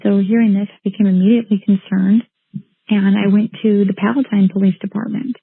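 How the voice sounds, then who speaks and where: Indignant mother giving a personal account; raspy, monotone delivery over a thin phone line. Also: mid-range voice, a little fast, dry recording. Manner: earnest, indignant, with frequent restarts. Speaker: mother recounting her son's case.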